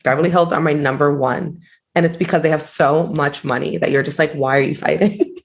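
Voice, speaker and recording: Low-voiced woman gossiping on a podcast. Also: brisk. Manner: gossipy, animated, lots of "like". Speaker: podcast co-host. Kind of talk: casual chat.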